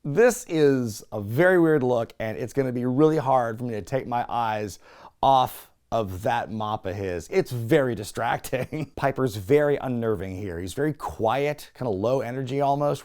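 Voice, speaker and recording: Animated man recapping wrestling. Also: medium pitch, normal speed. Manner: animated, laughs often, sarcastic asides. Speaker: wrestling review host. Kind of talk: casual recap commentary.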